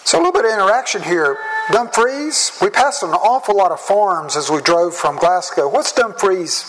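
A man with a Southern American accent, a pastor preaching a sermon in a measured, earnest way. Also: high voice, expressive, fairly bright tone, faint music behind, poor audio. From southern United States. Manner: measured, slow and earnest, with drawn-out words. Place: church.

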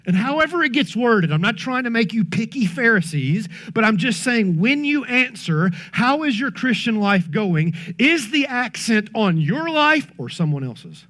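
A man with a high voice preaches earnestly to his congregation. He drops into quiet, hushed stretches between emphatic lines and talks to the listeners directly in casual asides. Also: big pitch swings, normal speed, hardly any pauses. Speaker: pastor. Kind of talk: sermon.

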